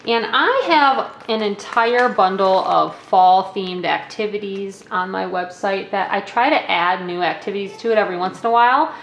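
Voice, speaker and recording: A woman's voice: mid-range voice, moderate pace, few pauses, a bit bright. A woman teacher casually demonstrating classroom learning activities at a table, explaining step by step and checking in with "okay" and "all right". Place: indoors at a table. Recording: echoey room with faint noise.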